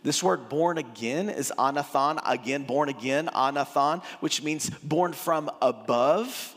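Casual, joking male pastor, slightly high voice, sermon in a reverberant hall. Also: measured pace. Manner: casual, animated, joking preacher.

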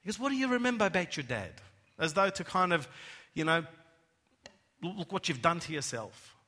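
A man preaching a sermon, dropping to hushed tones and rising to loud emphatic cries. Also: sits high, sing-song, normal speed. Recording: long hall reverb.

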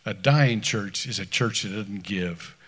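A man preaching a sermon in a conversational way, stumbling over restarts and swinging between loud scripture reading and quiet asides. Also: lowish voice, unhurried, breathy edge. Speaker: pastor.

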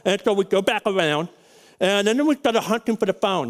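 Man, middle-aged, pastor, high voice, sermon storytelling, folksy, rambling. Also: normal speed. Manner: folksy and rambling, with frequent restarts.

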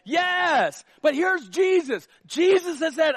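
A man's voice: very high-pitched, unhurried, few pauses, dry recording, clean studio sound. A man, a pastor, preaching a casual, humorous sermon and acting out little scenes. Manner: animated, jokey, acts out quotes.

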